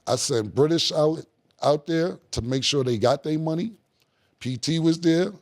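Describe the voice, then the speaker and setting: A middle-aged man, a guest in a podcast studio, telling stories in a casual, animated way with plenty of slang and profanity and acting out other people's lines. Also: fairly high pitch, a little slow. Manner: animated, acts out quoted dialogue, heavy slang and profanity. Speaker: guest rapper in a studio conversation. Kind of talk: casual storytelling.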